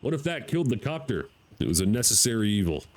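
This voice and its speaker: An American man streaming a game live, talking to himself, excitable and swearing freely. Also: on the low side, fast talker, low-quality recording. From United States. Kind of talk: live gameplay commentary.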